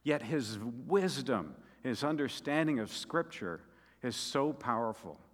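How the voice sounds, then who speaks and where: A man preaching a sermon in a mid-pitched voice, his words trailing off into a long hall reverb. He tells the scripture story dramatically, rising to loud emphasis and then falling to soft, quiet asides. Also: animated, a little slow. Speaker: pastor.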